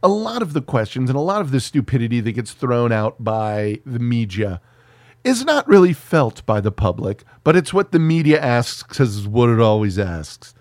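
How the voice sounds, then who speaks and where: A man's voice: medium pitch, very animated, normal speed, a little mellow, dry recording. Male podcast co-host, sarcastic and profane, laughs easily, dry studio sound. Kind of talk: casual chat.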